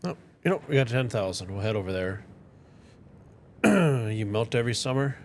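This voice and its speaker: A man's voice: mid-range voice, moderate pace, a little hiss or hum. A man from northern Minnesota with a Minnesotan accent, chatting casually with viewers while live-streaming a game. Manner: relaxed, chatty, talks to viewers while playing. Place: tiny home.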